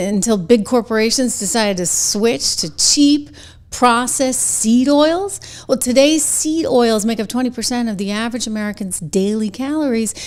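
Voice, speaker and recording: A woman with a New England accent hosting a commentary show, talking in a chatty, animated way and laughing between points. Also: on the high side. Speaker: show host. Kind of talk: commentary with a sponsor read.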